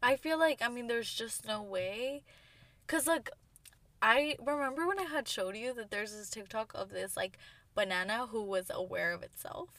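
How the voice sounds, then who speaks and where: A woman's voice: on the high side, normal speed, dry recording. A young woman co-hosting a podcast, talking casually and rambling with many fillers. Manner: rambling, animated, lots of "like" and laughter. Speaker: podcast co-host. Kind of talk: casual chat.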